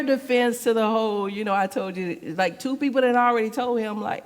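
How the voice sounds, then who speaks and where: A woman's voice: fairly high pitch, a little fast. Woman elder preaching in an echoey sanctuary, wry and chatty, then earnest. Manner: sarcastic, humorous, swings from joking to earnest. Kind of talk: conversational sermon. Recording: long reverb in a church hall.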